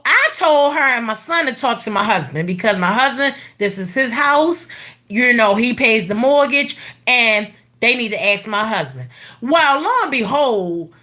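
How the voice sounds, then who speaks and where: A middle-aged woman telling a personal story in a blunt, profane, animated casual rant. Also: a little high.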